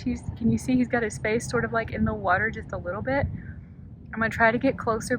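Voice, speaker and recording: A woman with a voice on the high side narrates a kayaking vlog from a creek, recorded on a phone camera against a noisy background. She sounds awed and gushes as she talks to her viewers.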